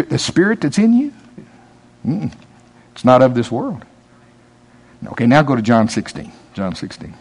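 A man preaching a sermon in a conversational way, laughing and teasing his listeners, rising in pitch and volume when he stresses a point.

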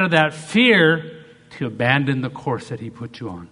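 A middle-aged man preaching a sermon as pastor, swinging between loud acted-out quotes and quiet asides. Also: mid-range voice, sing-song, moderate pace, husky.

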